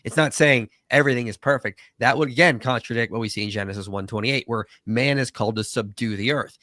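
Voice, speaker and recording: A man's voice: medium pitch, fast talker, no room sound, studio quality. Joking man hosting a live stream, voice prone to cracks. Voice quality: voice cracks often. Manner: animated, joking, quotes others in put-on voices. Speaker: live stream host reading chat. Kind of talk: casual live stream chat.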